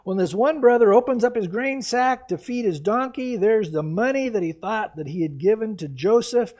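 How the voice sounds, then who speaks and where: A man preaching a verse-by-verse Bible teaching sermon, animated and lively, sometimes acting out the people in the story. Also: high voice, moderate pace. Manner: animated, acts out quoted voices and reactions, laughs at his own asides. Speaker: pastor.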